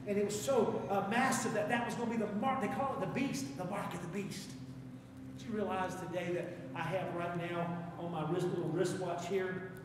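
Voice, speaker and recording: High-voiced preacher, echoey hall. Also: male voice, fairly even intonation, moderate pace, distant mic, background noise. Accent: Appalachian. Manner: preaching with rising fervor, repetitive exhortations. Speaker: pastor. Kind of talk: sermon. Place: church sanctuary. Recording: echoey church hall, mic from afar.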